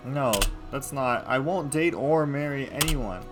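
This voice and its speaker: A man's voice: medium pitch, a little slow, over music, lightly acted. A man voicing a bold, defiant noble girl in a visual novel.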